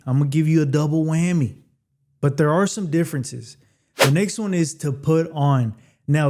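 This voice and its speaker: A man teaching English phrasal verbs in a casual video lesson, chatty and repeating phrases slowly for learners. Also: fairly high pitch, darkish tone.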